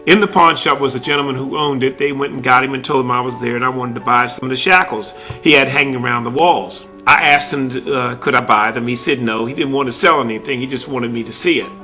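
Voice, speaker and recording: A man's voice: mid-range voice, fast, hardly any pauses, bright, forceful tone, soft background music. A man telling a story about a conversation he had while collecting artifacts, repeating "he said" as he retells it. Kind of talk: spoken storytelling.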